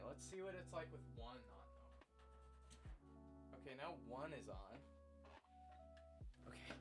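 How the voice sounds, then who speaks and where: Earnest rambling young man streamer. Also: mid-range voice. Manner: earnest and rambling, laughs at himself. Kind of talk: casual morning stream chat. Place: home streaming room.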